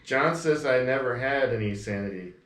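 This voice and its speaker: A man's voice: mid-range voice, animated, moderate pace, a bit bright, distant mic. A man co-hosting a radio show in casual banter, laid-back and teasing, often chuckling. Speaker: radio co-host. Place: radio studio. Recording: roomy studio, voice off-mic.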